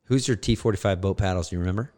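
A man's voice: low-pitched, very fast, darkish tone. A man who is a guest on a podcast, a veteran landing signal officer, chatting casually with short, dry interjections. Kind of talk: casual chat.

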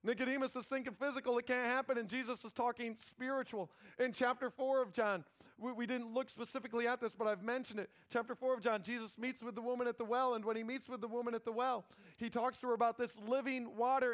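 A pastor delivers a sermon, shifting between loud, emphatic passages and hushed, low ones, and voicing biblical characters in quick quoted asides. His intonation stays fairly even throughout.

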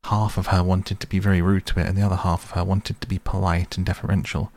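A man reading a storybook aloud as narrator, in a slow, measured way. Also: sits low, level tone, darkish tone. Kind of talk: audiobook reading.

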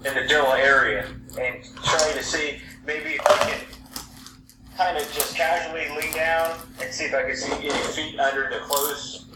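A man's voice: on the high side, fairly even intonation, normal speed. A man playing his character in a tabletop game, casual, often stopping and restarting. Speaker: player. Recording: distant mic, echoey room, clear background noise.

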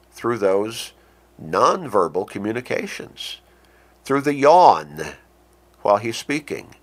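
A man teaching a lesson on communication, speaking slowly and deliberately, with pauses and restarts. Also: mid-range voice. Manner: acts out short spoken examples. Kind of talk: lecture on communication.

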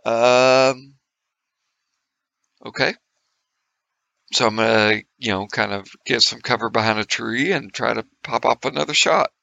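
A man's voice: medium pitch, measured pace, creaky, pauses often, pushed and bright, no room sound, lo-fi sound. A man playing a tabletop game, swearing and thinking aloud. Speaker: player. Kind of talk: casual tabletop play.

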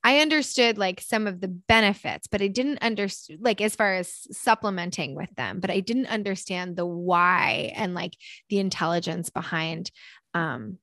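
A woman's voice: lowish voice, moderate pace, bright, forceful tone, no echo. A woman in her thirties hosting a casual interview, chatty and self-interrupting, laughing easily. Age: 30s. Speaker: podcast host.

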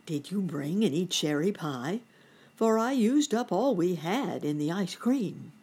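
A woman voicing a kindly, fussy old gentleman rabbit in a storybook reading. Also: fairly low pitch, lively intonation, unhurried, slightly rough, pitched above the performer's own voice. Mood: pleased.

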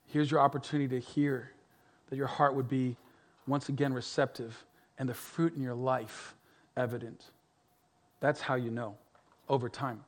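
A middle-aged male pastor preaching a sermon earnestly, repeating words, building to emphatic peaks and dropping to soft, quiet lines. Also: mid-range voice, fairly even intonation, normal speed, pauses often.

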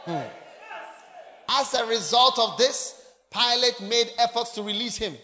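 A man preaching a sermon, reading scripture aloud and explaining it with emphatic, animated bursts. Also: very high voice, a little slow, long pauses, big-room sound.

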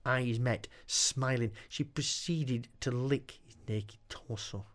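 Slow-reading male storyteller. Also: mid-range voice. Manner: slow, deliberate, dramatic reading.

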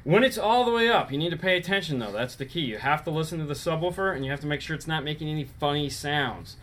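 A man's voice: fairly high pitch, animated, fast, fairly bright tone, slight background noise. A man hosting a casual live-stream show, explaining car audio setups in a rambling, self-correcting way.

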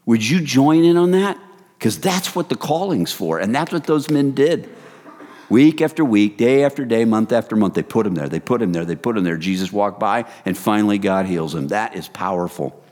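A male preacher delivers a sermon with a lively, swooping voice that drops to a hush and then jumps into loud excited bursts. He keeps it casual and talks to his listeners as "you guys". A long hall reverb trails behind his words. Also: on the low side, normal speed. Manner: animated, swings from hushed to loud excited bursts.

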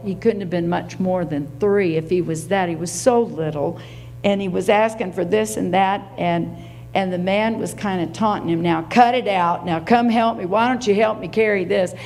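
A woman's voice: medium pitch, slight background noise. Woman preaching an earnest sermon. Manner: earnest storytelling, acting out quoted voices.

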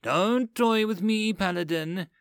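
A man's voice: high-pitched, takes it slowly, clean tone, no echo, clean studio sound, voice pushed up. A man voicing a cold, mocking female demon who has possessed a girl, speaking in a cooing, silky manner for a storybook reading. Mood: reproachful.

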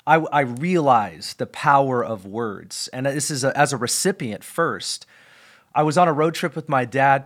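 A middle-aged man teaches as a pastor on his podcast, earnest and emphatic. His voice sits at an ordinary pitch for a man. He repeats the key phrases and sometimes trips over a word and starts again. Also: a bit bright.

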